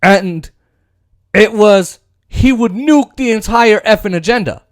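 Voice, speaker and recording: High-voiced man ranting about politics. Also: slow, no room sound, clean studio sound. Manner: rambling, sarcastic, mocks voices of politicians. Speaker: political commentary host. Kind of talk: casual political commentary.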